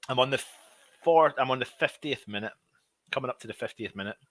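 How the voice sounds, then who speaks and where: A man hosting a live fan watch-along, commentating on the match, shouting at big moments and grumbling at his own players. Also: mid-range voice, fairly quick, no echo. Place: at home.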